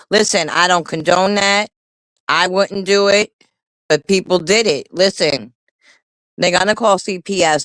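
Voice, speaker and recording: A woman's voice: fairly low pitch, a bit bright, clear, resonant tone, dry recording, poor audio. A woman co-hosting a livestream in casual chat, talking bluntly and heatedly with a lot of cursing. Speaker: livestream co-host.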